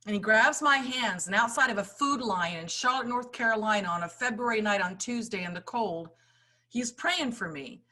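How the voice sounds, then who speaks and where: A middle-aged woman giving an impassioned motivational talk, swinging between loud urging and hushed storytelling. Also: a little high, moderate pace. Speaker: summit speaker.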